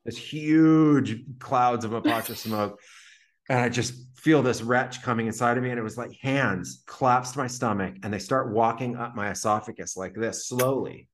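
As a guest on a podcast, a man speaks at a moderate pace and medium pitch. He casually recounts a long personal story in vivid detail, full of "like" fillers.

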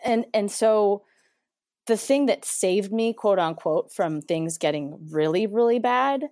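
A woman's voice: medium pitch, animated, slow, darkish tone, dry recording, studio quality. A woman in her thirties from Mexico, earnestly telling a personal story as a podcast guest, with many restarts.

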